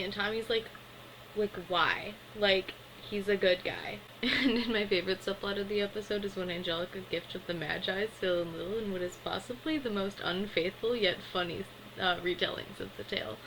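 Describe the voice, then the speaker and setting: Woman doing a laid-back cartoon recap, bright voice, says like a lot. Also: medium pitch, a little hiss or hum, poor audio. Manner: chatty, lots of filler "like". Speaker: cartoon reviewer. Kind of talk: casual episode recap.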